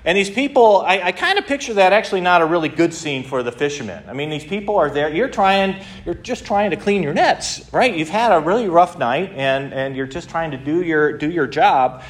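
A man preaching a sermon, retelling a story in a lively way, acting out the quotes, with many restarts. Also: fairly high pitch, normal speed, few pauses. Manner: animated storytelling with frequent restarts and acted-out quotes. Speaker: pastor.

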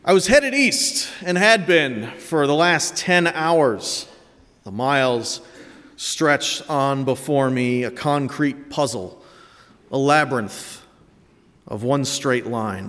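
A man's voice: medium pitch, animated, slow pace, fairly bright tone. Guy pushing forty preaching a sermon, storytelling w dry jokes, long church echo. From Connecticut, USA. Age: late 30s. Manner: reflective storytelling with dry self-mocking humor. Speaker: pastor.

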